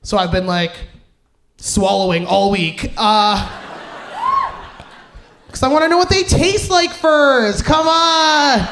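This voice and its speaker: A woman performing a live stand-up comedy set, animated and profane, acting out the men she has dated. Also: a little high, slow pace, pauses often, noisy background. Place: cinema stage before a live audience.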